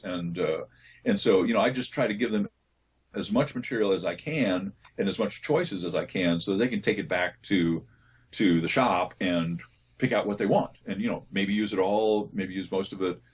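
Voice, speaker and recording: A man, a voice actor, answering interview questions in a relaxed, thoughtful way, often restarting his sentences as he explains. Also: on the low side, husky. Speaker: voice actor guest.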